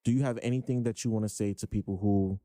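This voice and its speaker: Male co-host, lowish mellow voice, supportive interviewer, dry studio sound. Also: steady tone, fast, no echo. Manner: affirming, encouraging interviewer. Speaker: podcast co-host. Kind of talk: casual interview chat.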